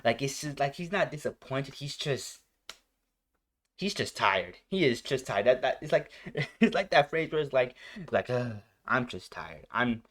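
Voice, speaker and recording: A young man talks through a reaction video in a loose, rambling way, leaning on fillers. His voice sits at an ordinary pitch, and he restarts his sentences often. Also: expressive, moderate pace, fairly bright tone. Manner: rambling, full of "like" and "you know". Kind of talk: casual reaction commentary.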